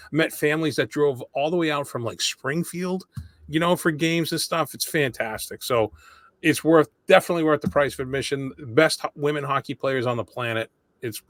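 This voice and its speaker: Chatty podcast host, dry sound. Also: male voice, mid-range voice, a bit bright, no echo. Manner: chatty, self-deprecating storyteller. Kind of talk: casual interview chat.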